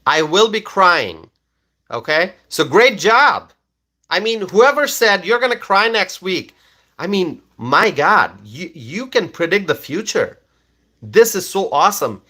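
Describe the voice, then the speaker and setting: A man with a high, bright voice hosts a political livestream and reads viewer comments aloud. He talks at an unhurried pace. He stresses each claim, repeats himself, and keeps checking in with "okay?". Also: very animated.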